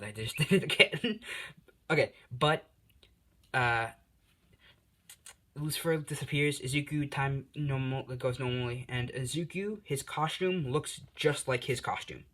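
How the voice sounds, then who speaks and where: A man's voice: mid-range voice, fairly bright tone. Male host, casual improvised storytelling, rambling, self-deprecating, heavy on fillers. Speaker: channel host telling a fan story.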